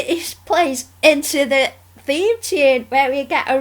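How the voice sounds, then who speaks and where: A woman with a slightly high voice talks through an episode review in casual chat. She gushes and squeals when something thrills her. The rest of the time she drifts back to a softer, rambling tone. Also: slow pace, hardly any pauses. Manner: usually soft-spoken. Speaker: YouTube reviewer.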